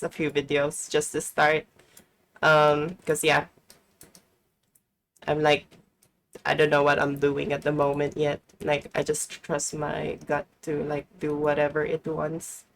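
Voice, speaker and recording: A young woman from the Philippines, chatting casually with her live viewers in a rambling way, full of fillers. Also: sits low. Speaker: streamer.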